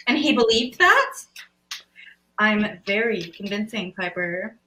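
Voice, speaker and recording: A woman's voice: medium pitch, very animated, slow, bright, forceful tone, a little hiss or hum, rough recording. A woman on a podcast reading a comic's panels aloud with playful emphasis in a casual chat. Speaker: podcast guest.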